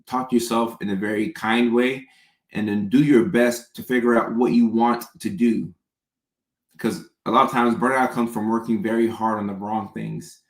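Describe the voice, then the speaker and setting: Low gravelly man hosting a livestream. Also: fairly even intonation, normal speed, reverberant. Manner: chatty, reads viewer comments aloud and answers them. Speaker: livestream host answering viewer questions. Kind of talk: casual livestream Q&A.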